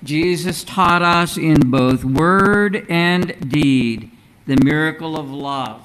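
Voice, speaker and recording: A man preaching a sermon as pastor in a church, in a measured, earnest way with rhetorical questions. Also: fairly high pitch, fairly bright tone, slight background noise, rough recording. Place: church sanctuary.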